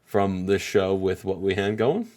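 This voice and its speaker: A man's voice: deep voice, measured pace, darkish tone. A man co-hosting a casual let's-play, recapping match results in an easygoing way. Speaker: co-host.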